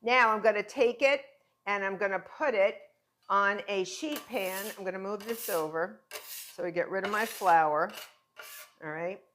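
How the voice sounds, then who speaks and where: A woman's voice: mid-range voice, a little slow, fairly bright tone, a little hiss or hum. Chatty woman teaching pie crust. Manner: encouraging, chatty, talks viewers through each step. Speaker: cooking instructor. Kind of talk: cooking demonstration.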